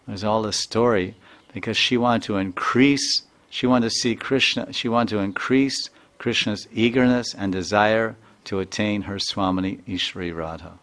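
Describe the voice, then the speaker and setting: A man, a spiritual teacher, telling a devotional story in an earnest sermon with many repetitions. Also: fairly low pitch.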